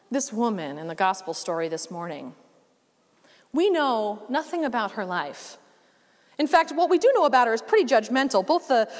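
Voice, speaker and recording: A woman preacher giving a sermon in a relaxed, conversational way with casual asides, recorded in a church. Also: mid-range voice, in a large hall.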